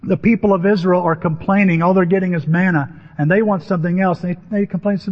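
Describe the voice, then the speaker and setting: A pastor with a high-pitched voice delivers a lively, conversational sermon. His voice rings with a long hall reverb, and the recording sounds dull and muffled. He slips into acted-out voices as he tells stories. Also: quick pace, hardly any pauses. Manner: animated, acts out biblical voices with rising pitch.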